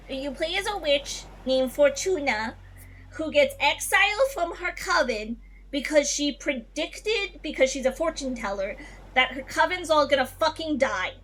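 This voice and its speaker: High-voiced woman streamer, swearing freely. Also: unhurried. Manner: animated, swears often, laughs between lines. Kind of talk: casual game stream chat.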